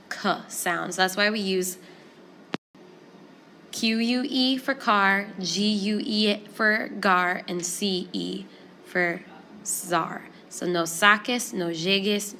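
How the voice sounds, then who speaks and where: A woman teaching a Spanish grammar lesson, explaining each step in a clear, steady way. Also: mid-range voice, a little hiss or hum.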